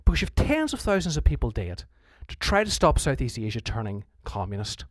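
A man talks through a history lesson in a casual, storytelling way, restarting sentences as he goes. His voice sits at a middle pitch and is recorded close and dry, with no room sound. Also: big pitch swings, a little fast, dry recording. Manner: conversational, restarts often, acts out quoted leaders. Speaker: history teacher. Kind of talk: informal history explainer.

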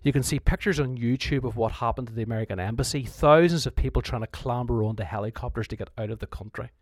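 A man's voice: mid-range voice, fast talker, no echo, studio quality. A man explaining history in an informal, conversational way, often restarting his sentences and acting out what leaders said. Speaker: history teacher.

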